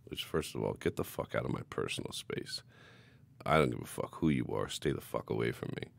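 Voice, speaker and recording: A man co-hosting a casual podcast chat, telling stories in a profane, animated way. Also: extremely low pitch, brisk, vocal fry. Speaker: podcast co-host.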